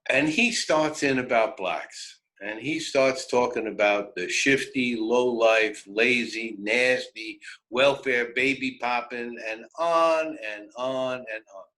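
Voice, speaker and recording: An older man in his seventies with a New York accent, telling personal stories on the radio in an animated, wry, conversational way. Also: mid-range voice, slow, poor audio. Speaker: radio host. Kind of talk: personal storytelling.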